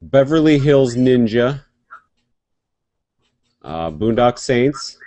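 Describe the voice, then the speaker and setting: A mid-range male voice, speaking very slowly, comes from a web show host chatting casually over a video call, rambling and joking in lively fashion. The recording is dry.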